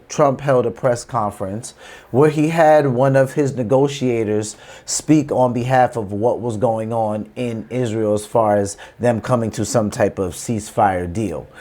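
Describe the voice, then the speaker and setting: A man's voice: medium pitch, mellow. A man hosting a reaction channel, explaining news clips in a conversational way before he plays them. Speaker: political reaction channel host. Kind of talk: casual commentary.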